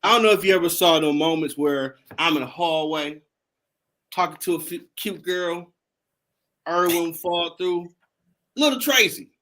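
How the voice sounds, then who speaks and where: Man, high bright voice, animated laughing storyteller. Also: measured pace. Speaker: host. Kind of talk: casual storytelling chat.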